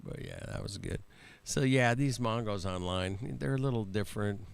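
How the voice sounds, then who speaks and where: A laid-back man hosting a livestream talks in a low, gravelly yet smooth voice. He laughs often, swears casually and peppers his talk with man and bro. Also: very animated, normal speed. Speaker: livestream host. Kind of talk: casual chat.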